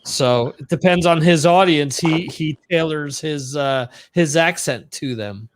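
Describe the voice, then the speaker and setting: A man co-hosting a podcast, chatting casually with frequent pauses and restarts. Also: fairly high pitch, a little hiss or hum. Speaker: podcast co-host. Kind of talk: casual chat about TV shows. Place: home in Spain.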